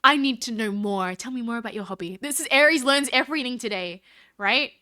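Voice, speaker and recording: A woman's voice: a little high, brisk, pushed and bright. A woman chatting casually on a live stream, reading chat aloud and thanking viewers in a bubbly, scattered way.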